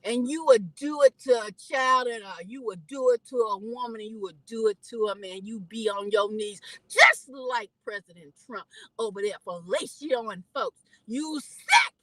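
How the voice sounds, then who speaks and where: A middle-aged woman delivering a fired-up, preachy vlog monologue, talking straight at her viewers. Her voice sits high and swoops widely as she swings between shouting and calm asides. The sound is dry and close, with no room around it. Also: moderate pace, no room sound, low-quality recording. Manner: fiery, preachy, talks straight to the audience. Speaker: vlogger.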